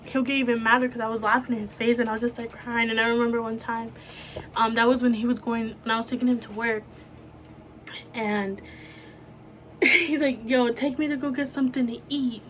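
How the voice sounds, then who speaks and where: A young woman with a fairly high voice speaks softly and haltingly, filling her pauses with "you know" and "like." She talks to camera in a personal, heartfelt vlog. A faint hiss of noise sits under her voice. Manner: soft, halting, full of fillers like "you know". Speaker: vlogger. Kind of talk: emotional personal talk to camera.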